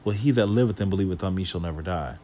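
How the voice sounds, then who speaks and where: Male Bible teacher, lowish voice, reads verses then explains, casual and questioning. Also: rapid-fire, dark tone, a little hiss or hum. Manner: casual asides to the listeners.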